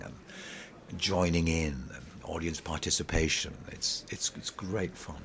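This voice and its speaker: A middle-aged man, a pantomime actor, telling animated, rambling stories in an interview, full of restarts. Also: low-pitched, a little slow, creaky, noisy background. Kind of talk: casual interview storytelling.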